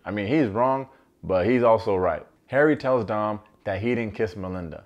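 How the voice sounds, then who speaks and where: A man recapping a reality show in a comedic commentary style, animated and slangy with joking asides. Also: on the low side, normal speed.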